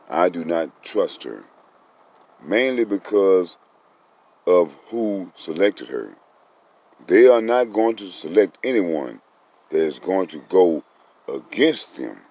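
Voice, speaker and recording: Texas guy ranting slow and low, blunt and scornful opinion talk. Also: darkish tone. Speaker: online commentator.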